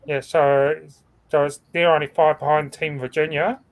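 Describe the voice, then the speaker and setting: Male co-host on a video call, slightly high voice, easygoing scoreboard rundown. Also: little pitch movement, normal speed. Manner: talks through a scoreboard, stumbles over names. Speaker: co-host reading team standings. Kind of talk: casual livestream chat.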